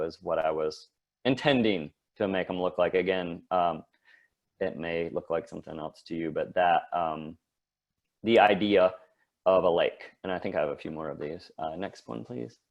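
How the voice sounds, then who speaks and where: A man's voice: sits low, muffled recording. A man giving a casual slide talk as a guest artist, rambling with many fillers and restarts.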